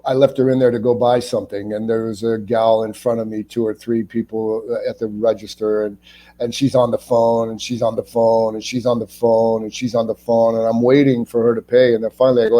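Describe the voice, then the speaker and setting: A man in his sixties, from Ohio, chatting as an interview guest and telling lively stories in which he acts out other people's lines. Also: medium pitch, a little fast. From Ohio, United States. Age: 60s. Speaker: actor, guest. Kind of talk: casual interview storytelling.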